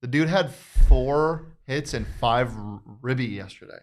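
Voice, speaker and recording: A man's voice: mid-range voice, unhurried. A man hosting a casual sports betting chat, bantering and joking with many restarts. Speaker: sports betting show host.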